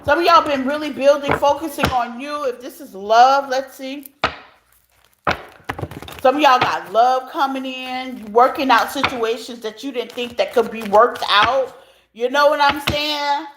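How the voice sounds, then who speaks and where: A woman with a high voice reads tarot live, chatting directly to her viewers. She speaks in a relaxed, talkative way. The sound bounces around an echoey room. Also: measured pace, noisy background. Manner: chatty, talks straight to viewers as y'all. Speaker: tarot reader.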